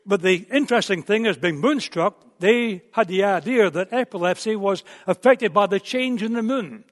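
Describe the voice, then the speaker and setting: A high-pitched male preacher delivers a sermon, telling the story and sometimes repeating words as he presses a point. His voice carries a long reverb, as if recorded in a large church hall. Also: moderate pace.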